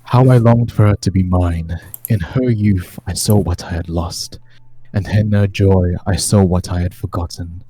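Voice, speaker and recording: A man's voice: deep voice, steady tone, moderate pace, mellow, slightly rough, no echo. A man reading as a brooding ancient vampire lord. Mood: solemn. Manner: solemn first-person diary reading. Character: ancient brooding male vampire lord recounting his woes.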